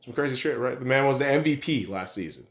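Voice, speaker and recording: Male podcast host, mid-pitched voice, blunt, swearing, rambling sports rant. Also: lively intonation, quick pace, a bit bright. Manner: blunt, profane, opinionated, rambling with restarts. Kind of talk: casual sports opinion rant.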